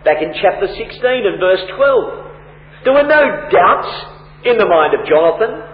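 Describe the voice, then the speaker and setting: A man preaching with emphatic delivery. His voice sits high and rings through a big reverberant hall. The recording sounds thin and tinny, like a phone line. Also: big pitch swings, a little slow. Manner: emphatic, rising and falling preaching delivery with rhetorical questions. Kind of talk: sermon.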